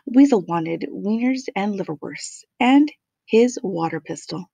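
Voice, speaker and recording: A woman reads a children's storybook aloud, measured and expressive, relishing each alliterative phrase. Her voice sits at a middle pitch. The sound is dry and close. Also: gravelly, no room sound. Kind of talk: children's picture book read-aloud.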